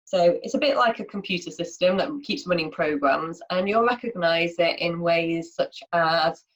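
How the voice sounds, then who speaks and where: A woman with a lowish voice gives a casual online lunchtime lesson. She explains in a chatty way, often using fillers and restarting her sentences. The audio is dull and lo-fi. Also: moderate pace. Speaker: workshop presenter. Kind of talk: informal online lunchtime talk.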